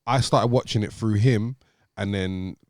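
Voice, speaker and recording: A man's voice: lowish voice, measured pace, dry recording. Slangy man, dry close mic. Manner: slangy, animated storytelling. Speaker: podcast co-host, battle rapper. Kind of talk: casual chat.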